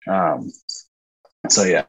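Low-voiced young man telling stories. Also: fairly even intonation, very slow, vocal fry, fairly bright tone, breathy edge, rough recording. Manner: rambling, with fillers and laughs. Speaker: podcast guest, former college football player. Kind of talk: casual storytelling chat.

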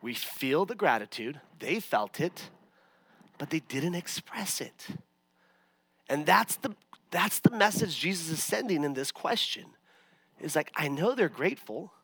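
A man's voice: fairly high pitch, animated, a little slow, long pauses, fairly bright tone, breathy edge, no room sound. A man, a pastor, preaching a sermon in a conversational, self-mocking way. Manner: conversational, self-mocking, many fillers and restarts.

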